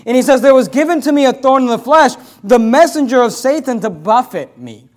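A man preaching a sermon as pastor, emphatic and repetitive, swinging between loud declarations and hushed asides. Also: extremely high pitch, lively intonation, fairly quick. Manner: emphatic preaching with repeated phrases.

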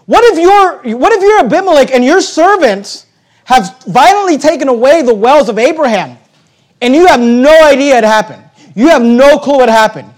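A man delivers a sermon from the pulpit in a high voice. He swings from soft, earnest passages to loud, lively outbursts and acts out short dialogues between people. He quotes scripture along the way. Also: normal speed. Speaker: pastor.

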